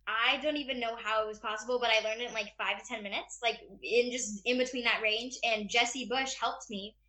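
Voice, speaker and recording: A bubbly actress chats in an interview, gushing and full of filler words. Her voice is fairly high and very bright, with a ringing edge. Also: fairly even intonation, fairly quick. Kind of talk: casual interview chat.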